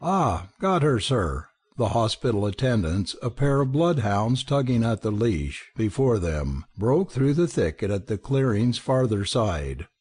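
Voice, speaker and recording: A man narrating an audiobook in a measured, expressive way. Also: fairly low pitch, slightly rough. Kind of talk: scripted narration.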